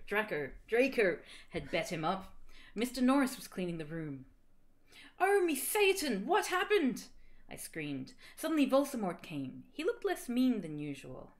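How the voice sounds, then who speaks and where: A woman reading fan fiction aloud for laughs, mostly deadpan narration with sudden squealing shouted quotes. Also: lowish voice. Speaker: co-reader.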